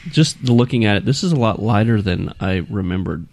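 A man hosting a casual beer tasting, reading the label slowly and stumbling over small print. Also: fairly low pitch, animated, gravelly, darkish tone.

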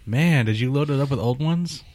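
A man's voice: mid-range voice, fairly quick, darkish tone. A man co-hosting a casual beer tasting chat, laid-back, agreeable and jokey. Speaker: beer podcast co-host.

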